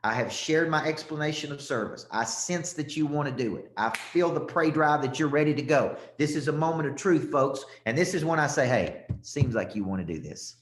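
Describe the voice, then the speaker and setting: A man's voice: a little high, fairly quick, hardly any pauses, a little hiss or hum. A middle-aged man from Tennessee, coaching a live audience on sales closes in a punchy, emphatic way, checking in often with "okay?". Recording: echoey room.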